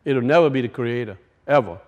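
A man preaching a sermon and telling a personal story, swinging from loud bursts to hushed, quiet lines. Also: mid-range voice, animated, fairly quick, dull audio. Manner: rises loud then drops to hushed, storytelling.

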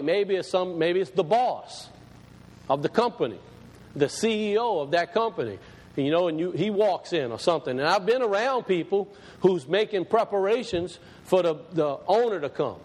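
Man, high voice, preaching a sermon, conversational, repeats phrases, long echo. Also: a little mellow. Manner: slows and rises when reading scripture aloud.

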